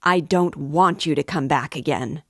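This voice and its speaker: A woman's voice: sits low, a little slow, a little mellow, no echo, clean studio sound. A woman reading the part of a proud young woman who speaks irritably and coldly. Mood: angry. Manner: irritable, cold.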